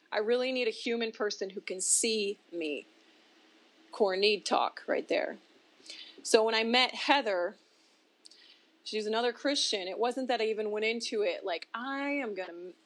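A woman's voice: a little high, moderate pace, fairly bright tone. A woman sharing her personal testimony as an interview guest, talking candidly and expressively, her voice leaping up for emphasis and breaking into laughs between points. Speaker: interview guest, ministry founder.

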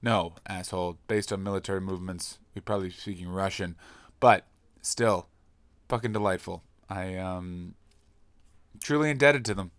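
A man's voice: low-pitched, clear, resonant tone, no room sound, clean studio sound. A man, a comedian, telling a story in a casual monologue, swearing freely and ranting. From Canada. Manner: profane, ranting, quick shifts in loudness.

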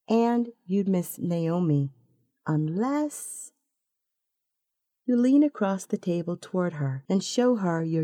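A woman narrates a second-person story in an unhurried, intimate way. Her voice is low and mellow, recorded close in a dry booth with no room sound. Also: no room sound.

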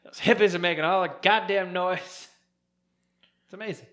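Animated, bright-voiced man chatting. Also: high-pitched, normal speed. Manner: animated, jokey, rambling. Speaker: podcast co-host. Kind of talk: casual chat.

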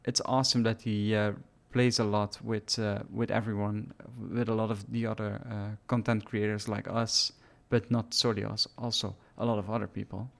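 Gravelly man, hesitant casual talk. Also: on the low side, level tone, moderate pace, hardly any pauses. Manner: hesitant, lots of uh fillers, laughs easily. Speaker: podcast co-host. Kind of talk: casual chat while gaming.

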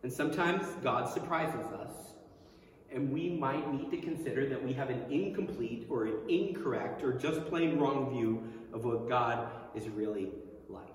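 A man's voice: medium pitch, unhurried, slight background noise. Man preaching in an echoey hall. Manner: acts out quoted voices with lively swings. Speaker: pastor. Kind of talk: sermon. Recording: very echoey hall, mic far off.

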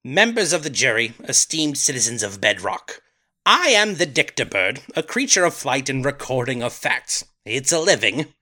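A man's voice: mid-range voice, very animated, normal speed, bright, forceful tone, full character voice. A man putting on a pompous British bird. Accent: put-on British. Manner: formal, stately courtroom address. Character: pompous British male bird, court witness. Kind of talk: comedic dramatic reading.

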